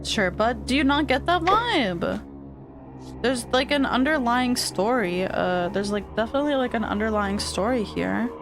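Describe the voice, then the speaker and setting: A fairly high-voiced woman chats casually through a gaming stream, rambling with plenty of fillers and the odd swear. She also reads the on-screen story text aloud. Game music plays clearly behind her. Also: animated, measured pace. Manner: loose and chatty, heavy on fillers and swearing.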